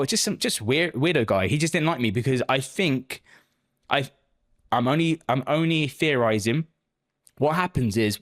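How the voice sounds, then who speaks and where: A man's voice: medium pitch, a bit bright. A man live-streaming, chatting casually with viewers and answering their messages with lots of swearing and joking banter.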